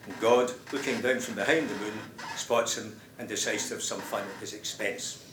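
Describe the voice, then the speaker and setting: A man introducing and reading poems at a conference in a measured, explanatory way. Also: lowish voice, fairly even intonation, far from the mic. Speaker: presenter of poems. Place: conference hall. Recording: roomy hall with faint noise.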